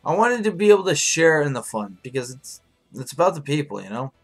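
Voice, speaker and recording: A man hosting a live stream in casual chat, hoarse and rambling, swearing freely as he answers his viewers. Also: fairly high pitch, big pitch swings, a little fast, faint music behind.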